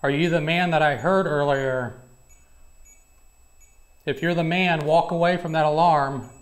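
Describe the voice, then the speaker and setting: A man investigating an abandoned building alone at night, talking to camera and calling out to spirits in a hushed, jumpy way. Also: on the high side, steady tone, measured pace, rough recording. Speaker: paranormal investigator. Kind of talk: solo ghost-hunt narration to camera.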